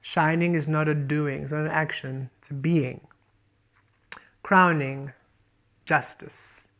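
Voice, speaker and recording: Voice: medium pitch, steady tone, slow pace, a bit bright. An earnest tarot reader with a mid-range voice talks through a spiritual reading. They circle back to the same points again and again. They often pass on guidance as quoted messages from spirit.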